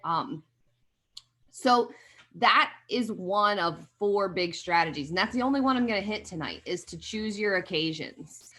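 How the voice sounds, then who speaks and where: Female group coach on a video call, encouraging, conversational delivery, average pitch. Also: lively intonation, a little slow, bright, forceful tone.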